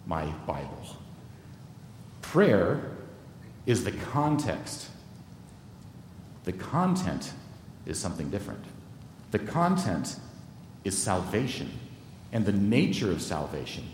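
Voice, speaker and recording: A man preaching a sermon, teaching through a Bible passage and speaking directly to the congregation. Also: darkish tone. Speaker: pastor. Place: church sanctuary. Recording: echoey hall with long reverb, faint rumble.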